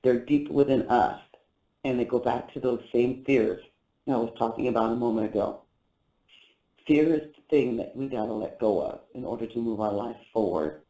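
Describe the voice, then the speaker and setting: A man's voice: mid-range voice, normal speed, dark tone, reverberant, rough recording. A man hosting a motivational talk show as a life coach, speaking earnestly and repeating phrases to encourage listeners through a guided visualization. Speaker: life coach and podcast host.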